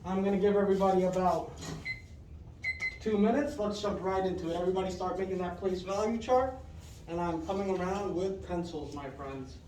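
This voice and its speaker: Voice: mid-range voice, a little fast, mellow. A classroom teacher runs a math lesson, repeating each question patiently and praising pupils by name. The voice sounds distant and bounces around a roomy classroom, with a faint noise underneath. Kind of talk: fifth-grade math lesson.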